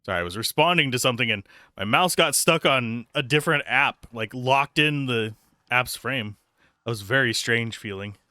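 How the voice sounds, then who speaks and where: A man's voice: medium pitch, normal speed, pushed and bright, dry recording, clean studio sound. A man streaming a role-playing game, chatting casually and reading the game text aloud. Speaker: let's play streamer. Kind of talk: casual gameplay commentary.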